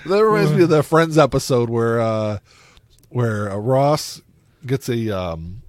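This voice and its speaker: A man's voice: mid-range voice, animated, unhurried, darkish tone, no echo, studio quality. A man co-hosting a podcast in casual chat, rambling and laughing often. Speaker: podcast co-host.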